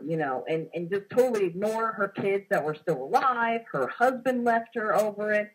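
A young woman co-hosting a casual chat recounts a dream, acting out the quoted lines as she goes in an animated storytelling style. Her voice is mid-range and her pace moderate, captured on a low-quality recording.

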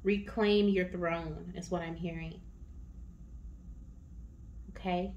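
A woman's voice: lowish voice, fairly even intonation, slow, lo-fi sound, slight background noise. A woman giving a tarot reading to her viewers, chatty and encouraging, often checking in with "okay?". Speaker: tarot reader.

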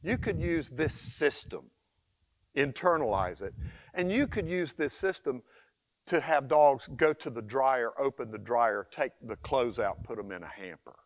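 A folksy man in his sixties teaches dog training in a loose, chatty vlog, repeating himself and snapping out firm commands to his dog. His delivery is lively and full of swings in pitch, and his voice sits in an ordinary middle register. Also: a little slow. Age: 60s. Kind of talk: casual instructional vlog.

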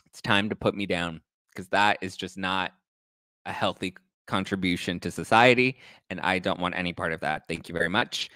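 A young man hosting a casual gossip show, telling stories in a campy, animated way and swearing freely. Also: moderate pace, dry recording. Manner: animated, campy, swears freely, acts out quoted people in high voices. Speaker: host.

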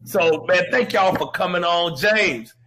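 A man's voice: sits high, a little slow, crowd noise, poor audio. A man hosting a live talent show, exuberant and full of exclamations and laughter as he introduces his guests.

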